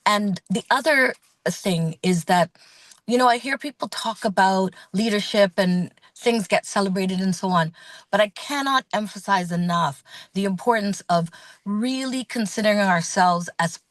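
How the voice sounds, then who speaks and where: A woman speaking as a guest in an earnest, measured, thoughtful way. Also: mid-range voice, no room sound. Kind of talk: reflective talk.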